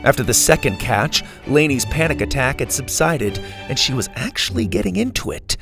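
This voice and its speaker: A man narrating a children's adventure story in an expressive read-aloud manner. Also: mid-range voice, normal speed, creaky, over music.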